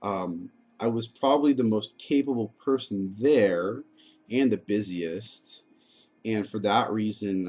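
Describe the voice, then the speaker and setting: A man in his thirties telling his own story in a frank, halting way, full of fillers, restarts and the odd curse. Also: lowish voice, darkish tone. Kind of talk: candid personal monologue. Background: music playing.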